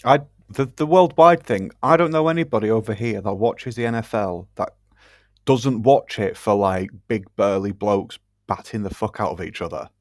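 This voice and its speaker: A British man co-hosting a podcast, talking bluntly and swearing, now and then mocking others with quick put-on voices. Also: fairly low pitch, dry recording, clean studio sound. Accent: British English. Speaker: podcast co-host. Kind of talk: casual banter.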